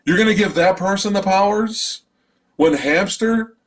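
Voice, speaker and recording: A man's voice: sits high, measured pace. A man giving a casual, profane spoiler review of a film, ranting with sarcasm and exasperation. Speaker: movie reviewer.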